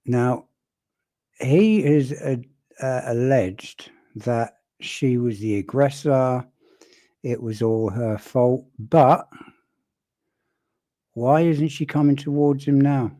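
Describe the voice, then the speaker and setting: A man casually commenting on a video clip, talking in a wry, conversational way with pauses and restarts. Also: medium pitch, mellow, no room sound.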